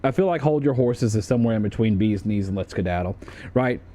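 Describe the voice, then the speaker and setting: A man's voice: fairly low pitch, lively intonation, fast talker, mellow. A young man streaming, chatting casually in a jokey, profane way.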